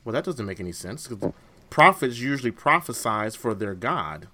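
Male podcast co-host, casual and halting, bright tone. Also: medium pitch, big pitch swings. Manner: hesitant, many fillers and restarts. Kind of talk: casual chat.

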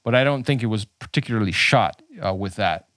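A man's voice: on the low side, lively intonation, fairly quick, fairly bright tone, no echo, studio quality. A man co-hosting a casual movie review podcast, rambling with lots of fillers. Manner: rambling, filler-heavy, slips into mock voices. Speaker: podcast co-host.

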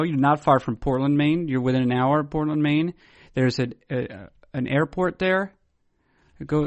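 A man's voice: fairly high pitch, no room sound. A man hosting a podcast, wordy and mock-formal in a playful, casual way. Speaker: podcast host.

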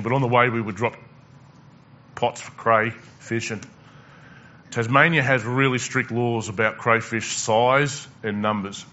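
A man's voice: mid-range voice, sharp tone, lo-fi sound. A male pastor preaching a conversational sermon, asking the congregation questions and repeating words as he goes.

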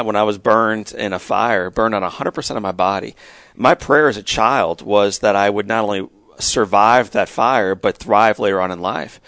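Middle-aged male guest, low gravelly voice, earnest storyteller, dry close sound. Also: a bit bright, dry recording. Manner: earnest, storytelling with emphatic rises. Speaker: guest speaker. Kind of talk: telling a personal story in a podcast interview.

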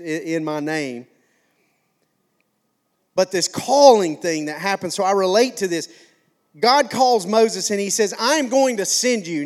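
Folksy high-voiced man preaching. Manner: folksy, conversational preaching with repetition. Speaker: pastor. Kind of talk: sermon.

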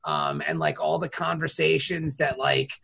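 A man's voice: on the high side, very animated, normal speed, creaky, pushed and bright, breathy edge. A man hosting a podcast, telling emotional stories in casual, profane chat. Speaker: podcast host.

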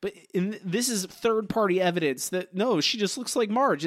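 A man's voice: normal speed, hardly any pauses, no room sound. A man co-hosts a casual podcast, ranting with growing disbelief. His voice climbs when he is exasperated. The sound is dry, with no room around it. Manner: animated, incredulous ranting with rising pitch. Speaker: podcast co-host.

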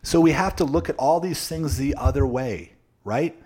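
A male sales coach addresses viewers directly in a motivational live stream, driving home every point through emphatic repetition and frequent tag questions to check in with his audience. His pitch is mid-range for a man, slightly mellow and husky, at a moderate pace.

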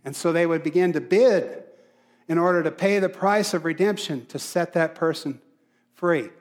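A man preaching a sermon, emphatic, repeating key phrases and dropping to softer asides. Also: a little high, moderate pace. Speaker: pastor.

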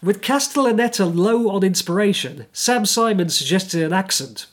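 A man co-hosting a casual podcast, reading through his notes with dry, wry timing. His voice sits a little high and has a husky edge. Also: lively intonation, normal speed. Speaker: podcast co-host. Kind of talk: casual chat with scripted segments.

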